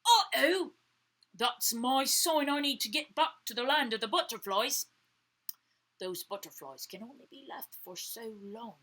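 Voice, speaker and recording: Woman playing a storybook scientist lady, mixed British Irish Southern accent, breathy, high and bright, lively ups and downs. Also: unhurried. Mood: hurried. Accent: British, Irish and Georgian mix. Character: cheerful female scientist from a butterfly land. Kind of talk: children's story reading.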